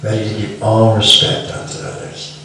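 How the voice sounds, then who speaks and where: A middle-aged man giving a devotional lecture with stories, softly chanting a mantra between remarks and asking his listeners questions. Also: lowish voice, completely flat delivery, moderate pace. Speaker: devotional speaker. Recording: echoey room, far from mic, faint hiss.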